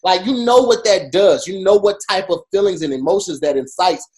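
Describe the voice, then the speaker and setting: A man co-hosting a podcast, talking in an animated, emphatic way full of fillers. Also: sits high, brisk. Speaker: podcast co-host. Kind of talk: casual chat.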